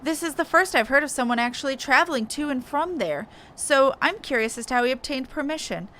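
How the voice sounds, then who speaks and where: A woman's voice: high voice, animated, a little fast, fairly bright tone, slight background noise. A woman voicing a haughty, fussy female scholar in a video game, with formal, archaic phrasing, reading the dialogue aloud. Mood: sniffy.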